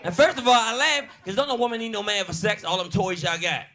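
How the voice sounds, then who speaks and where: A man's voice: high voice, animated, fast, bright, forceful tone, some chatter behind. A man in his forties performing a brash, profane stand-up comedy set, with an audience laughing along. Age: 40s. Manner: brash, profane, punchy storytelling.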